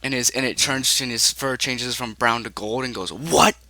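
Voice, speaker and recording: A man's voice: medium pitch, fairly even intonation, normal speed, bright, forceful tone, no room sound. A man improvising and narrating a role-play story, rambling and laughing often.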